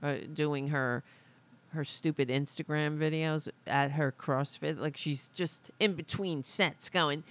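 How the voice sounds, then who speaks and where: A woman's voice: low-pitched, steady tone, takes it slowly. A woman hosting a casual political livestream, ranting in an angry, profane and sarcastic way. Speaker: host.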